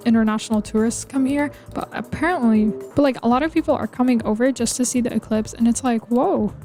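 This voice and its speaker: A woman's voice: on the high side, fast, mellow. A woman rambling playfully in casual chat while narrating a building game, full of "like" and "you know". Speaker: video game builder vlogger. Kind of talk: casual chat over gameplay. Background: faint background music.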